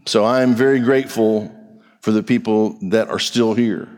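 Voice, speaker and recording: A man's voice: on the low side, fairly even intonation, moderate pace, a little mellow, clear, resonant tone. A middle-aged man preaching a sermon as pastor, talking directly and bluntly to his congregation with rhetorical questions. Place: church sanctuary. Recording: long reverb of a large hall.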